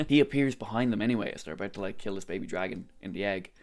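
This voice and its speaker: An Irish man vlogging a casual, excitable recap story, swearing freely and peppering his speech with "like". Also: lowish voice, quick pace. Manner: excitable, swearing, lots of likes.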